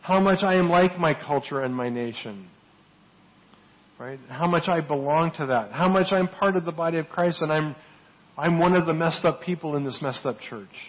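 A fairly high-pitched man preaching a sermon, often asking "right?", rising loud on key points and dropping low and soft on others. The recording is dull and lo-fi. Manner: rhetorical, often asks "right?", swings from loud emphasis to soft low asides. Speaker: pastor.

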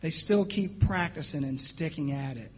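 High-voiced husky man preaching slowly. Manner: animated, excitable storyteller. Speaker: guest preacher. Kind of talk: sermon with personal storytelling. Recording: dull lo-fi church recording.

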